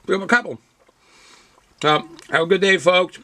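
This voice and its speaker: A man's voice: sits high, normal speed, sharp tone, no echo. An older man reviewing a beer and snack at home, reading a package blurb aloud and then chatting loosely while he chews. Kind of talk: casual home video review.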